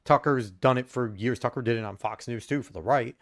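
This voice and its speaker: A man's voice: mid-range voice, fairly quick. Emphatic male podcast co-host. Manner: emphatic, building an argument. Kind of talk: casual commentary.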